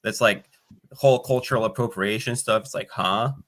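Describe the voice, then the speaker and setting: Bright-voiced man in casual chat. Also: lowish voice, moderate pace. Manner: chatty, joking, wry asides. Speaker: stream host. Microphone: video call.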